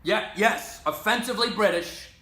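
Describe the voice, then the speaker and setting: A man playing an offbeat casting director who gives halting, filler-heavy directions. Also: sits high, sharp tone. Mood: offhand. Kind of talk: comedy sketch acting. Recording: echoey room, faint hiss.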